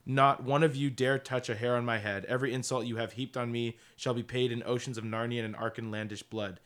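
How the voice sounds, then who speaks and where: A man reading aloud the lines of a proud, furious young prince, loud and threatening. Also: medium pitch, steady tone, fairly quick, lightly acted. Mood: ranting.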